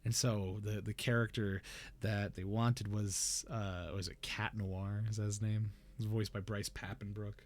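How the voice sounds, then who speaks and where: A young man hosting a casual chat, rambling and animated as he tells stories with many restarts and quoted lines. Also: fairly low pitch, measured pace. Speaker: podcast host.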